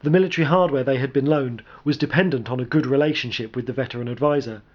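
A man reading a military action story aloud as narrator, in a steady, even delivery. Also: mid-range voice, fast, highs cut off.

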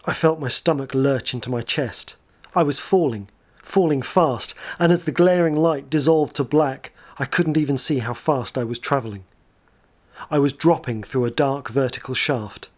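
A man narrating a first-person story in a measured, dramatic way. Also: mid-range voice, a little mellow. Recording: dull lo-fi recording.

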